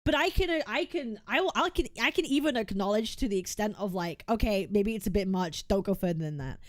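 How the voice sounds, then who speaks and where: A woman's voice: medium pitch, fairly quick, no echo, studio quality. A woman streamer making a heated, argumentative case on stream, emphatic and often repeating herself. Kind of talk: heated reaction rant.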